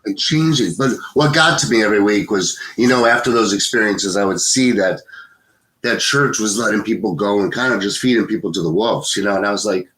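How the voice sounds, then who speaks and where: A man's voice: on the low side, brisk, a bit bright. Rambling middle-aged man. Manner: rambling, heavy on fillers. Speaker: podcast co-host. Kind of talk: casual conversation.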